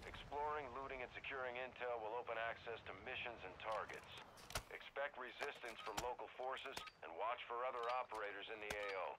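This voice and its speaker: An actor voicing a military mission handler giving a calm scripted briefing in a video game. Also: male voice, medium pitch, a little fast, pauses often, slight background noise, close to an everyday voice, low-quality recording. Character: male military mission handler over radio.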